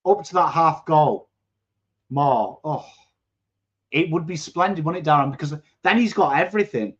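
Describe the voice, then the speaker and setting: English man hosting a live sports watchalong: coarse voice, fairly high, excitable, swears a lot, dull lo-fi audio. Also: normal speed. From England. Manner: chatty, excitable, swears, bursts into shouts at play. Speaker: watchalong host. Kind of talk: live football watchalong chat, reading viewer comments.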